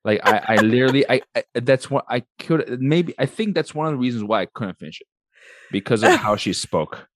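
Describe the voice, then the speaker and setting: A man's voice: mid-range voice, expressive, a little fast, no room sound. A man co-hosting a casual podcast chat, rambling with stammered restarts and blunt, profane remarks. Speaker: podcast co-host.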